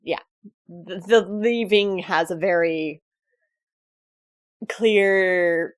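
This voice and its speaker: A woman playing a tabletop role-playing game, describing her character's actions in an unhurried way. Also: on the low side, dry recording, clean studio sound. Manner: unhurried, laughs often. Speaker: player.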